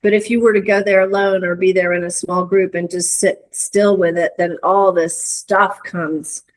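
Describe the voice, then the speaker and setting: A middle-aged woman, a guest in a conversation, telling a reflective story with many restarts and searching pauses. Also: lowish voice, level tone, rough recording. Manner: earnest, searching, lots of hedges and restarts. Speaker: interview guest.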